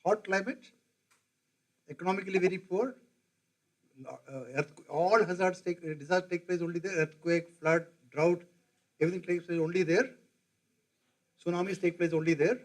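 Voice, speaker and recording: A man's voice: sits high, steady tone, moderate pace, long pauses, low-quality recording. Older man lecturing a class. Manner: conversational, quizzes the audience, mimics regional accents. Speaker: professor lecturing.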